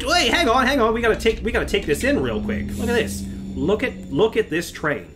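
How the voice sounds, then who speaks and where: High, animated screaming game streamer man. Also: a little fast, noisy background. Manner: screams and swears in panic, then dry jokes; theatrical outbursts. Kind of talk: live gameplay commentary.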